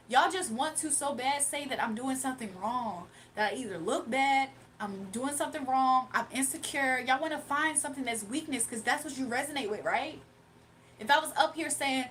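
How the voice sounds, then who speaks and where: A woman's voice: high voice, fairly quick, a bit bright, slight background noise. A young woman hosting a livestream, talking casually and combatively to her chat, mocking and defending herself. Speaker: livestream host.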